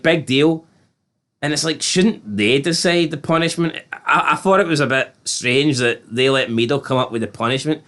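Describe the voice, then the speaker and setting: A man in casual conversation, talking through an episode with a rambling, incredulous energy. His pitch sits in an ordinary middle range for a man. He keeps circling back to his point with loose, chatty asides. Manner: chatty, rambling, incredulous, animated retelling with quoted voices. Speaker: podcast co-host reviewing a TV episode. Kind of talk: casual chat.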